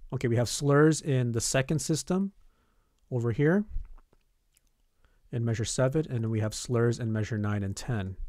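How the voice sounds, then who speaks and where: A man, a band teacher, walking students step by step through a music notation program, often pausing with "okay" and "all right". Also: mid-range voice, darkish tone, no echo, clean studio sound. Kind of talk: screen-recorded software tutorial.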